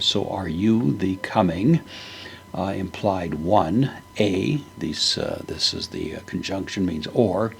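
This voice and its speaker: A man giving a verse-by-verse Bible word study, speaking slowly and deliberately with frequent fillers. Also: sits low, gravelly, a bit bright, a little hiss or hum. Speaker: Bible teacher.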